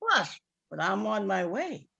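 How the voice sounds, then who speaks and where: A woman with a New York accent giving an excited, repetitive, rambling testimonial on a group phone call. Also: medium pitch, unhurried, gravelly, breathy edge. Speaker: distributor on a sales call.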